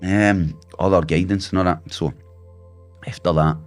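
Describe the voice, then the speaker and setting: A man's voice: deep voice, steady tone, normal speed, soft background music. A man telling vivid, swearing anecdotes in a casual chat as a guest.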